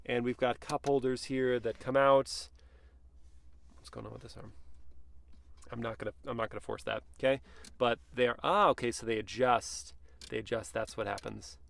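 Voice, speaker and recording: A man's voice: medium pitch, steady tone, normal speed, gravelly, pauses often, no room sound. A man giving a casual, playful review from the back seat of a car, chatting and joking to himself as he goes.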